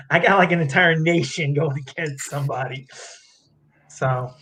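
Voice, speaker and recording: A man giving an emotional award acceptance talk, near tears, halting and restarting as he thanks his coach. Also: a little high, bright, forceful tone, slight background noise. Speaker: award winner, fighter.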